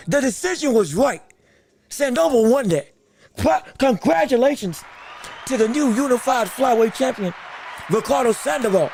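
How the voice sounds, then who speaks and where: A man with a very high voice hosts a livestream commentary on a boxing decision. He speaks excitably, repeats phrases over and over, and breaks into shouts. His voice is recorded dry and close, with no room sound. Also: no room sound. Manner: greets viewers from the live chat. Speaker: podcast host reacting to a boxing decision on a livestream. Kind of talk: live fight commentary and chat.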